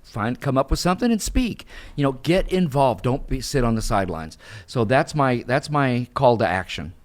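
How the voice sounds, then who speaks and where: An older man, a professional speaker appearing as an interview guest, tells a story and acts out the dialogue. He's an animated storyteller with a mid-range voice and a normal speaking speed.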